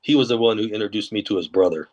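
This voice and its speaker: A former corrections and undercover officer tells a long story in a podcast interview, talking rapid-fire in a lowish voice. His telling is relaxed and anecdotal, and he acts out the quoted dialogue.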